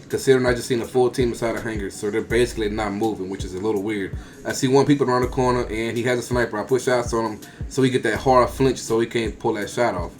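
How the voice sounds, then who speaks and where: A man giving a casual, rambling voice-over that talks through his own gameplay clips play by play, with slang. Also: mid-range voice. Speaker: gaming video creator.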